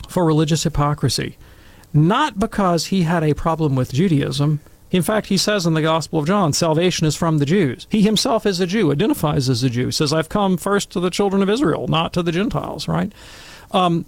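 A middle-aged man telling wry, animated stories and commenting on scripture in a casual talk. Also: a little high, gravelly, dry recording. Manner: wry, animated anecdotes with acted quotes.

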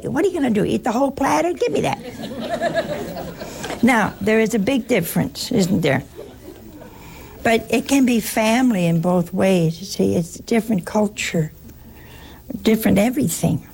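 A woman's voice: mid-range voice, gravelly, darkish tone, slightly rough. An older woman, a religious sister, gives an informal talk to an audience, telling stories in a folksy, joking way.

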